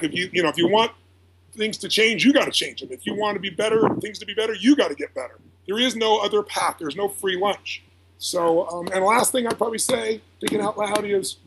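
Fast-talking, high-voiced man, emphatic. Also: a bit bright, slight background noise, low-quality recording. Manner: emphatic and driven, piling on repeated phrases. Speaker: guest. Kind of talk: motivational storytelling.

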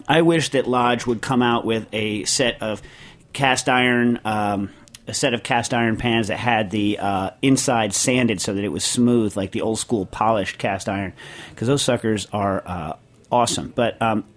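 A man's voice: lowish voice, a little slow. A middle-aged man hosting a podcast, reading a listener question and rambling through his answer with jokes, fillers and restarts. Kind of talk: casual chat.

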